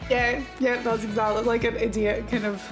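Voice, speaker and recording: A woman's voice: a little high, little pitch movement, normal speed, music in the background. A Scottish woman from Scotland co-hosting a casual chat, teasing and laughing often. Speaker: co-host.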